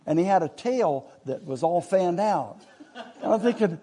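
A man's voice: high voice, expressive, moderate pace, mellow, husky. A man, telling a rambling hunting story in a casual, folksy way with laughs along the way.

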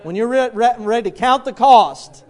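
With a very high-pitched, expressive voice at normal speed, a middle-aged pastor preaches through homespun anecdotes. He acts out each character's voice as he tells them.

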